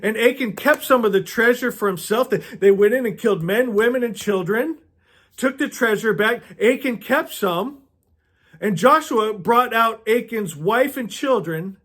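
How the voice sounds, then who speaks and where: High-voiced man preaching with stammers. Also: fairly bright tone. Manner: stammering restarts, rhetorical questions. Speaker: spiritual speaker. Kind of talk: impassioned preaching monologue.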